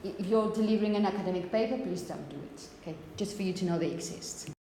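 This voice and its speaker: Here a phonetics teacher speaks in a fairly low, mellow voice. Her classroom lecture is recorded with long reverb and faint hiss, and she explains at a slow pace with plenty of repetition and "okay?" checks.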